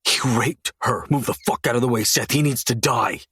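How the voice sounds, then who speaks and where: Male narrator as a menacing, furious young man; husky, mid-pitched snarl for an audiobook. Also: moderate pace, a bit bright, no room sound, studio quality. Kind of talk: audiobook character voice.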